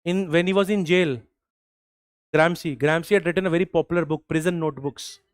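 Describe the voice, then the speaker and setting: A man's voice: on the high side, fairly even intonation, clear, resonant tone, dry recording. Indian man dictating lecture notes. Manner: repeats phrases slowly for dictation, mixes English and Hindi. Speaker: teacher.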